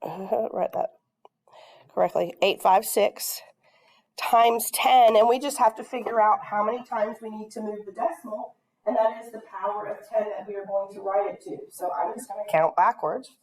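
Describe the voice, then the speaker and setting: A woman's voice: mid-range voice, fairly even intonation, normal speed, a little mellow. Patient woman teaching a math class. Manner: patient, checks in with questions. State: coughing, throat catching.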